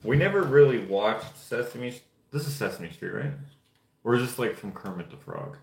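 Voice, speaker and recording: A man's voice: medium pitch, lively intonation, normal speed, vocal fry, a little mellow. A young man from Canada chatting casually and rambling offhand while painting figures. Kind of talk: casual chat. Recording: roomy echo.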